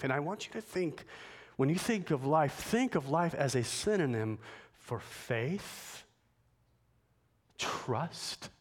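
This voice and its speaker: A man preaching a sermon, building to emphatic, forceful points. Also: on the high side. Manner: emphatic preacher, rising to forceful climaxes, slow deliberate phrasing. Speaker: pastor.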